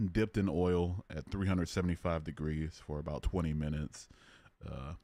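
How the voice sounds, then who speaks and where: A man's voice: low voice, darkish tone, no room sound. A young man hosting a live stream, chatting casually with viewers and mocking trolls in the chat. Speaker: livestream host.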